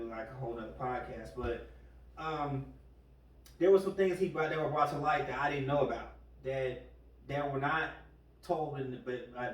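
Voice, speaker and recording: Male podcast host, loose rambling delivery, recorded off-mic in a roomy space. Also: medium pitch. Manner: rambling, retells stories with quoted voices. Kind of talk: casual podcast chat. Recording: echoey room, far from the mic.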